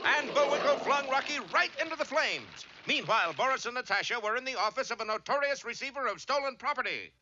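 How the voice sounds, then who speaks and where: A man's voice: very high-pitched, animated, fast, hardly any pauses. A man narrating a cartoon in a grand, mock-dramatic style. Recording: muffled old TV soundtrack with hiss.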